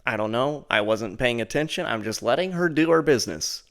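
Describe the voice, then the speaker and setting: A man hosting his own show, telling a rambling personal story full of "like" and "and then," putting on a higher voice to mock what others said. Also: expressive, fairly quick. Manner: mocks the friend's lines in a higher voice. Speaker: show host. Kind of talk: casual storytelling.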